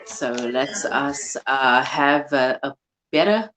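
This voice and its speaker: A woman hosting an interview show, giving calm, reflective advice. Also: a bass voice, low-quality recording. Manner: measured, reflective, advising. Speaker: radio show host. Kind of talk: interview chat.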